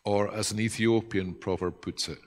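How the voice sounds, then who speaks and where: A man preaching a sermon in an earnest, reflective way, often dropping to a soft hush. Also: fairly low pitch, steady tone, moderate pace. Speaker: pastor.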